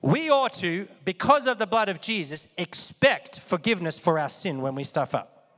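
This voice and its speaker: Man, preacher, conversational sermon, high voice, long hall reverb. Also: expressive, moderate pace, fairly bright tone. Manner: conversational, asks the audience questions often.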